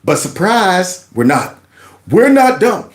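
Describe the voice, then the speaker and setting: A man hosts his own commentary show, reacting to clips with animated sarcasm. His voice sits high for a man. It rings around a roomy, echoing space. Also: slow. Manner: animated, sarcastic, mocks others in put-on voices. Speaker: host reacting to news clips. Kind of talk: opinionated commentary. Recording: roomy echo.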